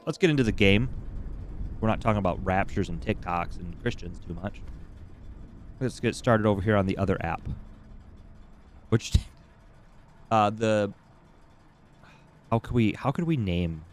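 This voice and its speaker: A man's voice: lowish voice, expressive, a little slow, pauses often, soft background music. A man streaming a video game, chatting casually in an irreverent, profane, rambling way while coming down with a cold. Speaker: gaming livestreamer. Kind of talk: casual chat while playing.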